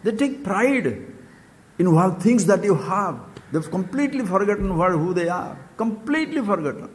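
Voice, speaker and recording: An older Indian man gives a spiritual talk in a voice that sits high and leaps all over its range. He swings between loud animated questions and hushed asides. A long reverb from the hall trails behind every phrase. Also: moderate pace. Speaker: spiritual teacher.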